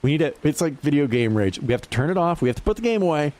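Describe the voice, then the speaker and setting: With no echo around him, a man in his fifties talks fast in a fairly high voice during a casual livestream chat. He's lively and profane, cursing freely and breaking into laughter often.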